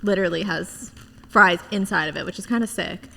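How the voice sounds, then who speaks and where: A woman's voice: lowish voice, brisk, vocal fry, bright, forceful tone, slight background noise. A young woman hosting a podcast, chatting casually and enthusiastically with her guest. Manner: bubbly, enthusiastic, says "like" often. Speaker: podcast host. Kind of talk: casual interview chat. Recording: long reverb.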